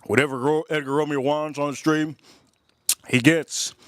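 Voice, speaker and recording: A man's voice: a little high, fairly even intonation, normal speed, fairly bright tone. A man hosting a livestream, casually telling a rambling, laughing story, repeating himself and swearing now and then. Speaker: livestream host.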